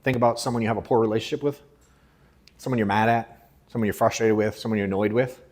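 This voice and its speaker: A man in his thirties running a live sales coaching session, blunt and profane, moving between forceful emphasis and low, quiet asides. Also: steady tone, quick pace.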